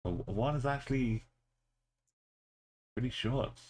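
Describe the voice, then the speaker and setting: A man's voice: medium pitch, slow pace, darkish tone, slight background noise. A man streaming live, thinking aloud as he plays and chatting casually with his viewers. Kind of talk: casual live-stream commentary while playing.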